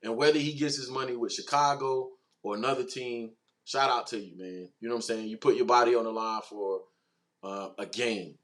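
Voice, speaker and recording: A man hosting a casual sports livestream, talking in an animated, slangy way and answering chat comments. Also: medium pitch, brisk. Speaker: host.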